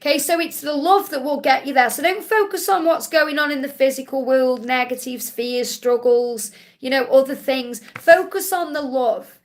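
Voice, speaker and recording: A woman's voice: high-pitched, moderate pace. A woman hosting a live-stream Q&A as a spiritual card reader, relaying messages in a soothing, reassuring way and often repeating key phrases.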